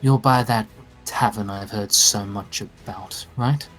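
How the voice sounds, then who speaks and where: A man's voice: lowish voice, fairly even intonation, unhurried, fairly bright tone, faint music behind, pitched below the performer's own voice. A man voicing a weary swordswoman who speaks in a dry, sighing, contemptuous way. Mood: dry scorn. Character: weary, scornful swordswoman, sister of a schemer.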